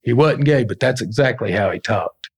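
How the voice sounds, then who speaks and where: A man's voice: mid-range voice, animated, normal speed, husky. A man, a business owner telling blunt, profane stories as a podcast guest. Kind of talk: casual storytelling.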